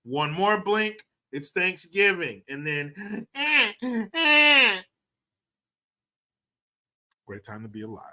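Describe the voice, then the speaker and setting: Male livestream host, loose and crude, high-ish and expressive. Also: drawn-out words, pauses often. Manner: profane, mocking, animated. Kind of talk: casual livestream commentary.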